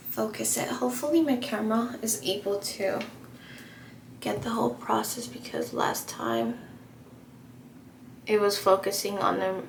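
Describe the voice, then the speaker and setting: A young woman vlogging while she does her makeup, telling a story in a chatty, animated way full of fillers. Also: a little high, creaky. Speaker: beauty vlogger. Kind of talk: casual get-ready-with-me storytelling. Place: home room while doing makeup. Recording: echoey room with faint ambient noise.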